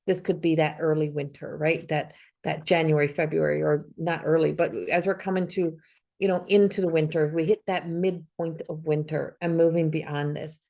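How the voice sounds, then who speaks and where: A low-pitched, creaky, mellow female voice with flat delivery at normal speed. She's a psychic reader forecasting with tarot cards in a solo camera video, earnest and encouraging toward viewers, repetitive, thinking aloud with restarts.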